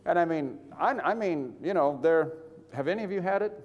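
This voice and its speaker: An older man preaching, telling a personal story with animated, chuckling delivery and acting out the voices of others in his account. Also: a little high, brisk, long reverb tail, dull audio. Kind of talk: sermon testimony.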